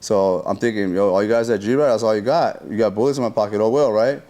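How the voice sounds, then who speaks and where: A man's voice: on the low side, quick pace. A man telling a story in a casual interview, using slang and profanity, acting out quoted lines and adding sound effects. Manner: animated retelling that acts out what people said.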